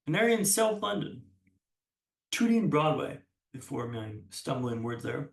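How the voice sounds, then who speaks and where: Keynote speaker, male, high gravelly voice, punchy storytelling with dramatic pauses, echoey hall. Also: expressive, far from the mic. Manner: self-deprecating humor. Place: conference hall stage.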